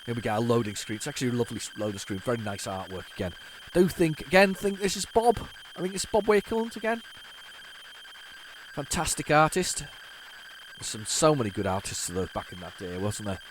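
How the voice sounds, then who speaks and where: A man's voice: mid-range voice, fairly quick, rough recording. Chatty rambling man, faint background hiss. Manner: chatty, rambling, stumbles and restarts, talks to viewers. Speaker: retro gaming video host. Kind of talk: casual running commentary.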